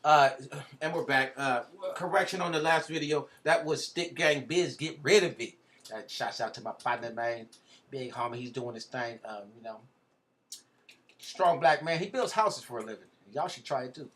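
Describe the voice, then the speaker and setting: A man's voice: mid-range voice, normal speed, a bit bright, reverberant, distant mic. A man hosting a casual podcast live stream, joking and talking in loose slang. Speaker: podcast host. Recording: faint background noise.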